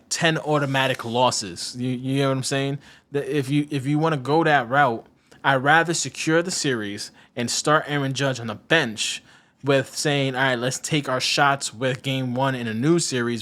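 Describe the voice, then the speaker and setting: A man's voice: medium pitch, a bit bright. A man co-hosting a casual sports podcast, rambling and sarcastic, often stopping to search for a name. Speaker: podcast co-host.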